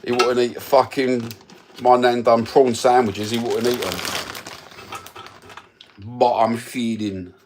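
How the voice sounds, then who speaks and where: A man's voice: medium pitch, little pitch movement, slow pace, pauses often, background noise. A man, hosting a casual livestream from home with crude, sweary banter into his phone. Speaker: livestream host.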